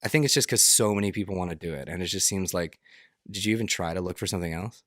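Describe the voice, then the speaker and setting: Low-voiced young man rambling casually. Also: quick pace, a bit bright, no room sound, clean studio sound. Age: young adult. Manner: rambling, hesitant, many restarts and fillers. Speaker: podcast co-host. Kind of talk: casual chat.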